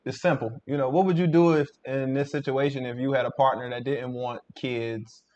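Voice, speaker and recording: A man's voice: mid-range voice, fairly even intonation, moderate pace, a little mellow, dull audio. A man hosting a show, chatting casually with his viewers about the story to come. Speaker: host. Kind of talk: casual commentary.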